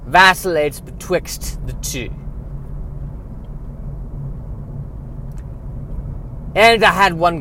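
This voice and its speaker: A man's voice: extremely high pitch, sharp tone, a little hiss or hum, voice pushed up, heavily acted. A man voicing a short, meek male house elf servant who fawns over his master and mixes bad British and Southern accents. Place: in a car.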